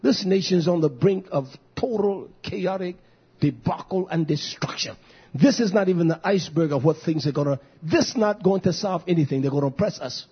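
A husky, high-voiced man preaches a fiery sermon. He surges into shouts, then drops to low muttered asides. The recording sounds dull and lo-fi. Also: normal speed. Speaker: pastor.

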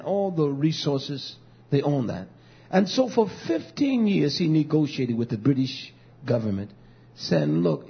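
Husky, high-pitched preacher man. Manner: swings from shouting to low muttering. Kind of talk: fiery street-style sermon. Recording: dull lo-fi recording.

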